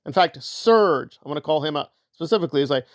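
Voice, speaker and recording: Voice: mid-range voice, lively intonation, fast, no echo, studio quality. A commentator giving opinion commentary in a sarcastic, argumentative way.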